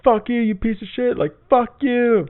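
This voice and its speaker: A high, shrill voice that snaps out curses in a put-on New York accent, a rude pedestrian furious at being held up, played by a man. The recording sounds tinny and narrow, as if heard over a phone line. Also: steady tone, moderate pace, clear, resonant tone. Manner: shrill, swearing, snarling.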